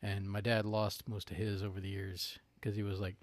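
A man's voice: on the low side, flat delivery, moderate pace, no room sound. A man from North Carolina co-hosting a podcast in casual chat, rambling with lots of "like" and "you know" and laughing easily. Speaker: podcast co-host.

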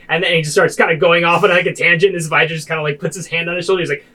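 A man's voice: on the high side, steady tone, rapid-fire, few pauses, pushed and bright, poor audio. A man narrating a tabletop game as game master, casual and loose with many fillers.

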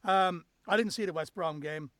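High-voiced podcast host, dry sound. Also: male voice, moderate pace, dry recording. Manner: relaxed, fillers, wraps up the show. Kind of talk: casual football podcast chat.

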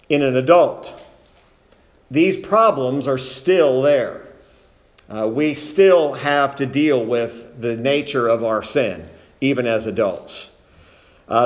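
A man preaching a sermon to a congregation, speaking deliberately and stressing key words one by one. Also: mid-range voice. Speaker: pastor.

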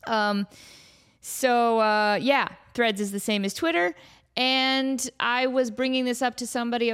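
A young woman with a fairly high voice hosts a comedic podcast monologue. She goes off on one tangent after another and breaks into laughter often, with a loose, joking delivery. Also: vocal fry, a bit bright, clear, resonant tone. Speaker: podcast host.

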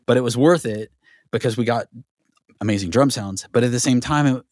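Animated storytelling man, dry close sound. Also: mid-range voice, a little fast, dry recording. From Southern California. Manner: animated storyteller, many restarts and fillers. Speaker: guest, record producer. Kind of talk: casual storytelling interview.

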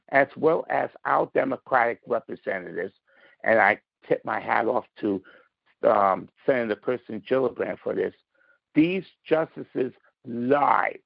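A man's voice: medium pitch, vocal fry, dry recording, dull audio. A man calling in to a political podcast, talking in a combative, emphatic way and stressing his words. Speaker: caller. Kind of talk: call-in political commentary.

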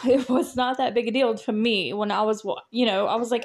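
A woman's voice: a little high, fairly even intonation, a little fast, darkish tone. A woman hosting a podcast, chatting casually on her own, laughing often and filling her talk with "like" and "you know". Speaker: podcast host. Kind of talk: casual solo chat.

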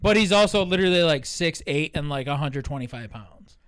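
Young guy on a sports podcast, high lively voice, cussing a lot, dry close sound. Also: a little fast, smooth, dry recording. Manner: profane, jokey, animated. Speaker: podcast co-host. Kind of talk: casual sports chat.

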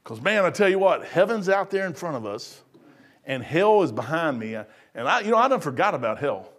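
Older guy preaching, high voice, folksy, gets loud then goes quiet, acts out the characters. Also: moderate pace. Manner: folksy, animated, swings from hushed to loud; acts out voices in his stories. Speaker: pastor. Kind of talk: preaching a sermon.

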